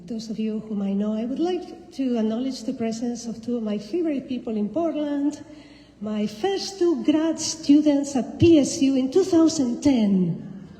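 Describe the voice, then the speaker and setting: A woman poet with a Spanish accent giving a slow, deliberate live poetry reading to an audience, her lines often trailing off softly. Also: high-pitched. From Spain. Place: indoor reading venue with an audience. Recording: echoey hall with long reverb.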